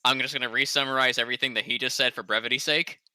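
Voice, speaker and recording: A man's voice: mid-range voice, fairly even intonation, racing, sharp tone, clean tone, dry recording. A man playing a tabletop game online, joking playfully. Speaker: player. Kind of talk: casual chat during a tabletop game.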